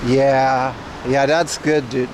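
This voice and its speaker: A man's voice: mid-range voice, level tone, slow, slight background noise. A man livestreaming as he walks outside, chatting and joking with his viewers. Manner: chatty, joking, talks to chat. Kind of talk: casual IRL stream chat. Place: outdoors on a street.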